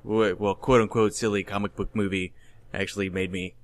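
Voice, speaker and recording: A man's voice: fairly low pitch, level tone, brisk. A man in a casual movie review chat, laid-back and offhand as he gives his rating. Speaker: podcast co-host.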